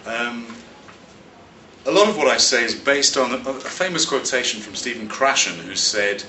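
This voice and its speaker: A man from London teaching a vocabulary lesson, his bright voice rising and falling with lively pitch. He talks in a clear, measured way and leans on key words. He sounds set back from the mic in an echoey room. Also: far from the mic, slight background noise. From London, England. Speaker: English teacher and teacher trainer. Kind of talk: explanatory spoken lesson. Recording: roomy echo, slightly off-mic.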